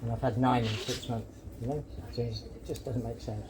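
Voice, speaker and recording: A man's voice: mid-range voice, steady tone, normal speed. Argumentative man on noisy audio. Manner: argumentative, swearing, pleading. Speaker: patient. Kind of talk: heated real-life conversation. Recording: noisy handheld audio log.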